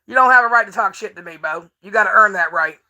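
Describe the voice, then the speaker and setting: A woman's voice: medium pitch, racing, pushed and bright. A woman livestreaming, talking casually to her chat in a brash, profane and taunting way, laughing often as she talks.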